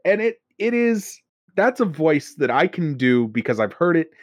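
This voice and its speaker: A man's voice: on the high side, big pitch swings, normal speed, no echo, clean studio sound. A man from Pennsylvania co-hosting a casual chat, rambling and often laughing between thoughts. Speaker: podcast co-host.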